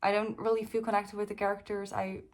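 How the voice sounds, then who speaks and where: A woman's voice: medium pitch, flat delivery, quick pace. A young woman from the Netherlands, chatting casually through a book review with lots of fillers. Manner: chatty, rambling, lots of ums and likes.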